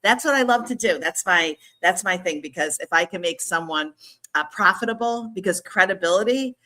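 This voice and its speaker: A woman's voice: lowish voice, expressive, pushed and bright. A middle-aged woman speaking as a podcast guest, chatting enthusiastically and promotionally. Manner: enthusiastic, quick to laugh, promotional. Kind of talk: casual interview chat.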